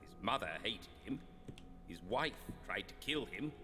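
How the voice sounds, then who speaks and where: An actor playing a grave, sardonic male narrator in a murder mystery game, with a measured, dry delivery. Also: fairly low pitch, animated. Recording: long reverb over loud music. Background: game music.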